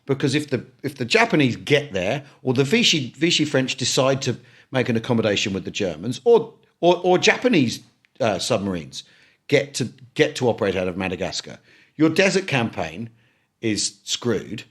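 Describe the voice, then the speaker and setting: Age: middle-aged. Sex: man. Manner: lively, stumbling restarts. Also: medium pitch, normal speed. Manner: animated, stumbling restarts and repeated words. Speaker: podcast co-host. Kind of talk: casual history chat.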